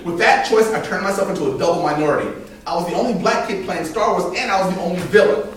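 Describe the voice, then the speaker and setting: A man in his thirties telling a personal story live at an open mic, animated and laughing between lines, recorded from a distance in a very echoey room. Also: sits high, fast, a little hiss or hum. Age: 30s. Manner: animated, laughing between punchlines, acting out voices.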